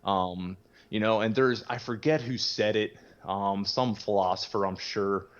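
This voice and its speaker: A man's voice: lowish voice, fairly even intonation, a little slow, lo-fi sound. A man guest talking candidly in casual conversation, rambling with many fillers, swearing casually and laughing easily. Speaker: podcast guest sharing his recovery story.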